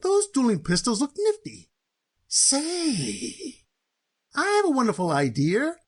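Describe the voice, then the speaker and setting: A lazy, gloating scoundrel of a cousin from a cartoon, as a man puts him on. He speaks smugly in a high, lively voice with a husky rasp. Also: slow, exaggerated voice. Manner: smug and gloating. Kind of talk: cartoon voice acting.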